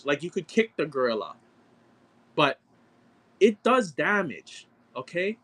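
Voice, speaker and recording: A man hosting a live-stream auction, talking in an excitable, argumentative rant full of swearing. His voice sits a little higher than most men's, and he hammers his points home to the chat. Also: a little slow, pauses often. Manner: profane, excitable, argumentative ranting.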